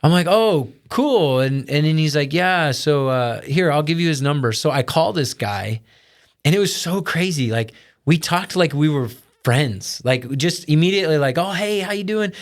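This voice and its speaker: A man's voice: fairly high pitch, expressive, normal speed. A man co-hosting a casual chat, earnestly retelling a family story and quoting his own thoughts. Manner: earnest, retelling with quoted self-talk. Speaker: podcast co-host.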